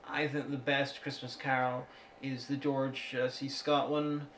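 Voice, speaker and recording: A man's voice: medium pitch, level tone, measured pace, fairly bright tone, a little hiss or hum. A man co-hosting a casual podcast, telling anecdotes and dryly correcting his partner. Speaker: podcast co-host. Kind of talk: casual chat.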